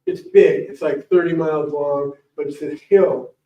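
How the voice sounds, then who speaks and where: A middle-aged man giving a talk at a library, telling a rambling personal story in an animated way and acting out the people in it. The recording is dull and echoey, taken from a distant mic. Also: on the high side, a little slow. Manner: animated, rambling, acts out voices. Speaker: guest speaker. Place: library event room.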